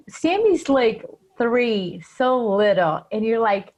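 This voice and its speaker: A woman's voice: on the high side, very slow, darkish tone, rough recording. A woman from Brazil co-hosting a podcast, chatting casually with playful asides. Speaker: podcast co-host.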